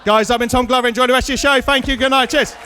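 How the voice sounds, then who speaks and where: A man's voice: very high-pitched, fairly even intonation, racing, sharp tone, a little hiss or hum. A man in his thirties doing a stand-up set on a comedy club stage, telling self-mocking stories and chatting with the crowd. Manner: dry, self-mocking storytelling with punchlines.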